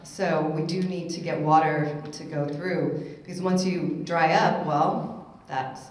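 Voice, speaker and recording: A chatty, upbeat woman personal trainer talks on a panel at a summit, laughing at her own jokes. Her voice sits a little low, and the echo of a large hall hangs around every word. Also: steady tone, slow, a little hiss or hum. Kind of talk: casual panel talk.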